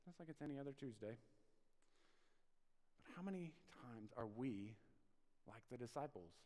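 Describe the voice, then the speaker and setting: A male pastor preaching a sermon, conversational and animated, swinging from loud bursts to soft asides. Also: mid-range voice, normal speed, big-room sound. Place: church sanctuary.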